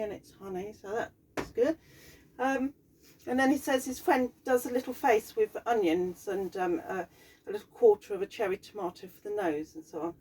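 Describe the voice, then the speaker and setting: A woman with a Southern English accent, a piano teacher, chats casually and rambles in an easygoing cooking vlog filmed in her home kitchen. Her voice is medium-pitched and mellow, picked up by a distant mic with faint background noise.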